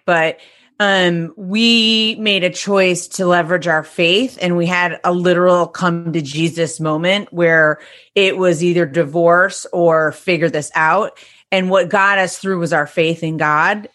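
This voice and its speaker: A woman from Detroit, Michigan, speaking as an author guest in an earnest, faith-centered way. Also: lowish voice. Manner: earnest, warm-hearted, faith-centered explanations. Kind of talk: interview guest talk.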